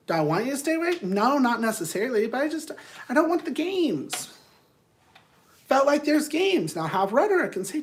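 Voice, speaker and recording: Blunt, earnest man giving life advice. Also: high-pitched. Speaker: counselor speaking to viewers. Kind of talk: casual motivational monologue.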